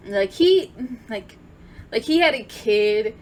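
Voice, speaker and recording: A young woman telling a rambling, emotional story-time vlog, full of fillers and restarts, swinging from loud excited outbursts to quiet near-tearful talk. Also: on the high side, slow pace, a little hiss or hum. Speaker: vlogger.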